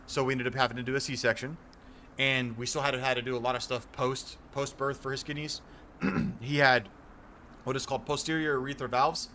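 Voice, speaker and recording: A man's voice: mid-range voice, little pitch movement, fairly quick, bright, forceful tone, slight background noise. Earnest young man chatting with viewers. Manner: earnest, rambling explanations with many restarts. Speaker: gaming streamer. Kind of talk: casual chat with stream viewers.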